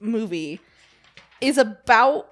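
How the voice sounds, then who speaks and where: A woman's voice: fairly high pitch, lively intonation, slow. A young woman co-hosting a casual film podcast, blunt and emphatic, swearing for stress. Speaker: podcast co-host. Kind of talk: casual film-review chat.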